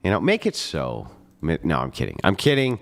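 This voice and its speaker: A man's voice: low voice, wildly swooping pitch, fairly quick, gravelly. A man giving heated, profane commentary after a debate, emphatic and mocking.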